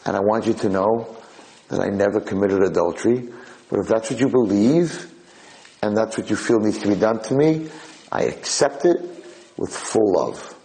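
A man whispering as a gentle condemned woman, whispered role-play. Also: lowish voice, normal speed, close to an everyday voice, rough recording. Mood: tender.

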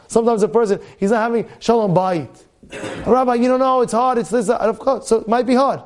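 High-voiced rabbi preaching with fervor. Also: male voice, fairly quick. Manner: impassioned, repetitive, bursts into shouting exhortation. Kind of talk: sermon.

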